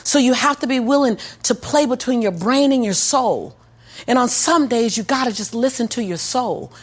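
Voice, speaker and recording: A woman's voice: a little high, normal speed. A woman being interviewed, telling a personal story with an emphatic, preacher-like cadence and frequent laughter. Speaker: interview guest. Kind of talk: conversational storytelling.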